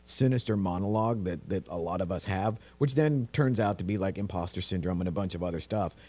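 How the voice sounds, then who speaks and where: Low, mellow man. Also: brisk. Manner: thoughtful, searching for words. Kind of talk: podcast conversation.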